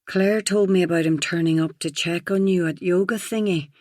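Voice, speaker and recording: A woman's voice: on the low side, steady tone, moderate pace, darkish tone, no echo, studio quality, natural voice. A woman reading an audiobook, voicing a tipsy, blunt middle-aged friend who talks frankly with a slight slur. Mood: blunt confiding. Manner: slightly slurred, frank and rambling.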